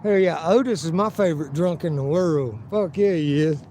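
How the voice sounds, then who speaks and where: Brief: a fairly high-voiced man walking outside on a phone stream, rambling and swearing through his stories, with loud street noise behind him. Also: normal speed, rough recording. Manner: profane, rambling storyteller who acts out quotes. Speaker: live-streaming vlogger. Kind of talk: casual live-stream vlog, walking outdoors. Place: outdoors by a river and town streets.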